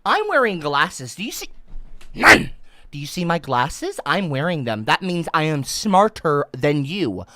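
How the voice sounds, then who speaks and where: A woman livestreamer ranting for comic effect, profane and bossy, lecturing her chat and breaking into shouted outbursts. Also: deep voice, very animated, unhurried, no echo. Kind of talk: comedic livestream rant.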